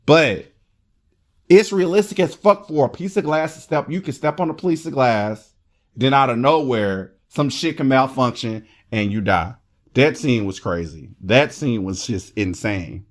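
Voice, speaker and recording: A man reviewing a movie in casual chat, excitable and rambling, with lots of swearing. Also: medium pitch, measured pace.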